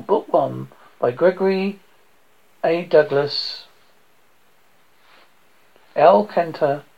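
A man reading a horror paperback aloud with a dramatic, swinging delivery. His voice is strongly gravelly and pitched a little high. The recording sounds dull and lo-fi. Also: a little mellow. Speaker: narrator. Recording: dull lo-fi audio.

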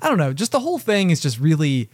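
A man's voice: a little high, wildly swooping pitch, fast, slightly rough, dry recording. A man co-hosting a podcast in casual chat, rambling and self-deprecating, with many fillers. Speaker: podcast co-host. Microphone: podcast mic with headphones.

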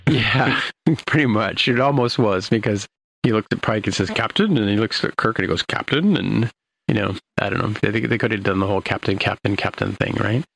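A man's voice: lowish voice, fairly even intonation, fairly quick, gravelly, a bit bright, rough recording. An older man casually recapping a TV episode, rambling with many fillers and restarts.

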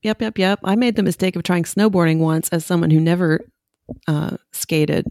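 Animated woman telling a story. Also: normal speed, no echo, clean studio sound. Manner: animated, acts out quotes with big pitch jumps. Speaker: podcast guest. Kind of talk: casual storytelling.

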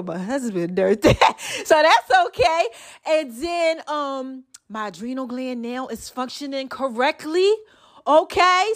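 A woman with a somewhat high voice hosts a solo podcast in a loose, chatty way. She talks straight to her listeners, calling them y'all and child, and testifies about her own life. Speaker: podcast host. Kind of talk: casual solo podcast talk.

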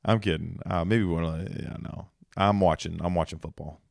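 Male podcast host, deep and gravelly, casual meandering self-mocking delivery. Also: steady tone, moderate pace, darkish tone, dry recording, clean studio sound. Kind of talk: casual rambling monologue.

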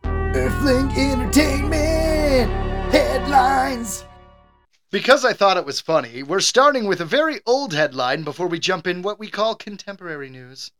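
A man co-hosting a podcast riffs and teases his partner in a casual chat. His voice sits fairly high and swings widely in pitch. It has a bright, forward tone. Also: faint music behind. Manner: joking, animated, quick to tease. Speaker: podcast co-host.

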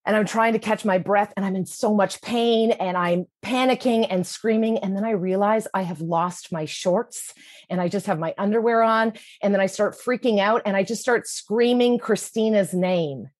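A woman's voice: mid-range voice, moderate pace, a little mellow, dry recording, clean studio sound. A woman telling a personal story in a vivid, comic, present-tense way. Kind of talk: personal story told to an audience.

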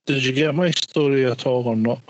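A man's voice: mid-range voice, steady tone, a little fast, dry recording. A man chatting casually as co-host, telling stories with amusement over a remote call. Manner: storytelling, amused. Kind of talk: casual chat.

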